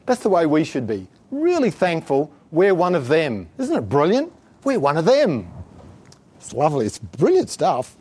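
Lively, high-pitched male preacher. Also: a little slow, breathy edge. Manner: emphatic, exhortative, chuckling often. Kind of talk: sermon.

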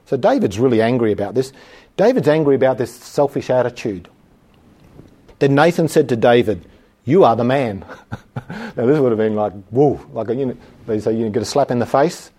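A medium-pitched man, animated and warm with a breathy edge, preaches from scripture. He reads the passages slowly, stressing key words, then explains them conversationally and plainly, chuckling here and there.

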